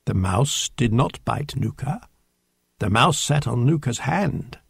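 Male storyteller, slow, husky and gravelly, very lively pitch, dry close sound. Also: dry recording. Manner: slow, expressive read-aloud with lively pitch. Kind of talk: storybook reading aloud.

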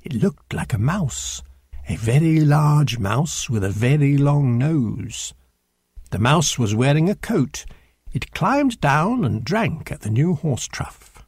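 Male storyteller, slow, husky and gravelly, very lively pitch, dry close sound. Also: no room sound. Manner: slow, expressive read-aloud with lively pitch. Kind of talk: storybook reading aloud.

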